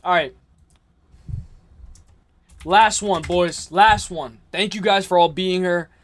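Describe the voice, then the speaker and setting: A young man from the New York area hosts a late-night livestream in a high voice, taking his time. He rambles casually, responds to chat messages, and laughs a lot.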